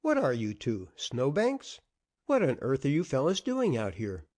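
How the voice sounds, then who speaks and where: A man's voice: mid-range voice, wildly swooping pitch, a little slow, darkish tone, pitched above the performer's own voice. A man reading an audiobook, voicing a jovial, stentorian middle-aged male party host with theatrical grandeur. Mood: hearty, grand. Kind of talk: audiobook character voice.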